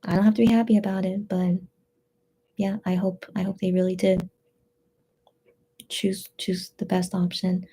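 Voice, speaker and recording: A tearful woman hosting a casual livestream, reading out chat messages in a subdued, hesitant way with many pauses and fillers. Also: medium pitch, little pitch movement, mellow, slightly rough.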